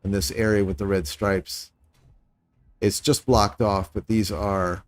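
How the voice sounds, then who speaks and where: Low-voiced man streaming a game. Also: fairly even intonation, measured pace, no room sound. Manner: thinking aloud, musing and self-critical; talks to chat viewers in passing. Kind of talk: casual live-stream commentary while building.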